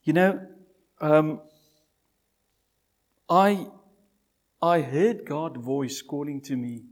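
An older man preaching a sermon and giving an altar call, pleading and repeating his phrases, swinging from loud cries down to near whispers. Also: fairly high pitch, animated, extremely slow, pauses often.

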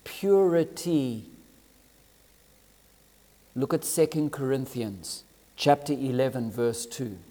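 A man preaching a sermon, reading scripture with emphatic, drawn-out phrasing that swells and drops. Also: medium pitch, mellow. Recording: long hall reverb.

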